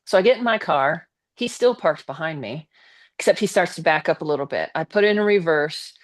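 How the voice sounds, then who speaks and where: A woman, a guest on a live stream, telling a personal story in a casual, animated way with blunt swearing. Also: low-pitched, a little fast.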